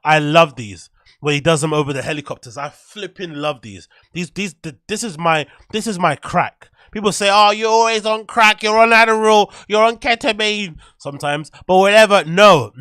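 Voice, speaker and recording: A man hosting a casual livestream, excitable and slangy, chatting to his viewers from a computer. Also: a little high, dry recording, clean studio sound. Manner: excitable, slangy, talks to the chat. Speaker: livestream show host.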